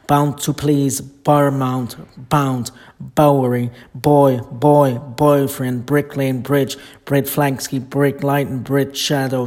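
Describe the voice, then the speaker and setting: A man recites a long alphabetical list of titles, one item at a time. His delivery is steady and list-like, with almost no rise or fall in pitch. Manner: flat, steady list reading.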